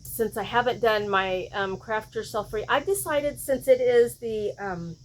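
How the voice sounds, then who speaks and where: A woman's voice: on the high side, unhurried. A woman hosting a crochet vlog, chatting casually and thinking aloud, often questioning herself mid-sentence. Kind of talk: casual show-and-tell chat.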